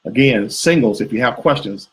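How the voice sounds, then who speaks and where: Husky-voiced man hosting a live show. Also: mid-range voice, animated, normal speed, poor audio. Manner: rambling, with fillers and restarts. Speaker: co-host of a couples show. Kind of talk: live video chat with viewers.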